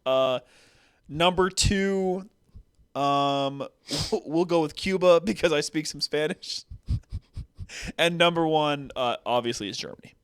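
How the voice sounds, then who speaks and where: A man's voice: on the high side, a little slow, smooth, dry recording, studio quality. Joking young man on a podcast. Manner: jokey, laughs through his own bits. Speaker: podcast co-host. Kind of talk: casual banter.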